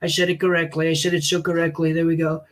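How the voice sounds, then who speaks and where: A man's voice: a little high, monotone, fairly bright tone, natural voice. A comedian voicing a boastful older male politician who rambles and praises himself. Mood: pompous. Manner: pompous, repetitive, drawn-out boasting. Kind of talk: comic impression on a livestream.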